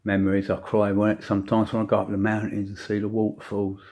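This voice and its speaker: An older man with grandchildren giving a preachy opinion rant to camera, with dramatic pauses and emphatic repetition. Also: on the low side, completely flat delivery, a little mellow. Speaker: vlogger.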